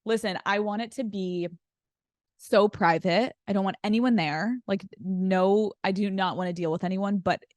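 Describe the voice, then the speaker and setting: A woman guesting on a podcast tells a personal story in casual conversation, filling her speech with "like." Her voice is mid-range, steady, and a little mellow at a moderate pace, recorded dry.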